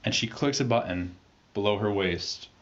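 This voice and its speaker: A man running a tabletop role-playing game as game master, setting scenes in a quick, relaxed way. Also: fairly low pitch. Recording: muffled mic with faint noise.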